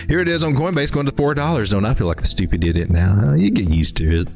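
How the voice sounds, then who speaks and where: A man's voice: lowish voice, big pitch swings, fairly quick, hardly any pauses, darkish tone, soft background music. A man hosting a live crypto stream, talking through charts in a folksy, rambling way with lots of restarts. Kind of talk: casual live market commentary.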